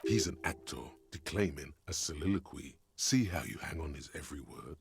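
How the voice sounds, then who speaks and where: A man voicing a sardonic male inner narrator in a detective game, speaking with a dry, gravelly delivery. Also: extremely low pitch, fairly quick. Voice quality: gravelly, husky.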